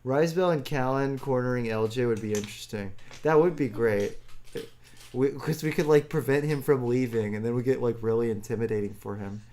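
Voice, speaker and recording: A man's voice: mid-range voice, fairly quick, warm tone. A man streaming live, answering viewer chat in a rambling, self-deprecating way and chuckling often.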